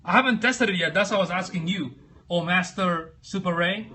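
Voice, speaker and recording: A man's voice: high voice, moderate pace, pushed and bright, slight background noise. A man hosting a casual live stream, rambling and thinking aloud as he searches, reading out viewer comments and answering them. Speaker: livestream host.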